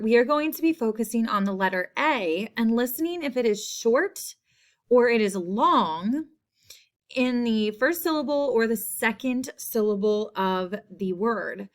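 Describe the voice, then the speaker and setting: Slow, patient woman teaching spelling. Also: a little high. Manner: slow and patient, repeating each word. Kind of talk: spelling lesson for children.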